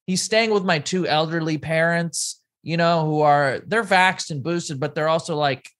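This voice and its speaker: A man's voice: a little high, normal speed, fairly bright tone. Casual man telling a story on a podcast. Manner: conversational, quotes people in a play-by-play retelling. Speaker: podcast co-host.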